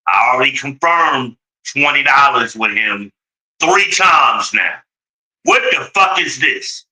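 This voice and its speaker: A man's voice: medium pitch, lively intonation, slow, sharp tone, low-quality recording. A man venting to his viewers in a heated story, exasperated and swearing freely, with sudden mocking outbursts.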